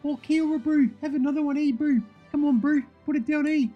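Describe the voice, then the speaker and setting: A man's voice: steady tone, fairly quick, dark tone, muffled recording, faint music behind. A man putting on a boisterous young bro voice, drawling and urging a mate to have another drink. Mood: coaxing. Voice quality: high, drawling put-on voice.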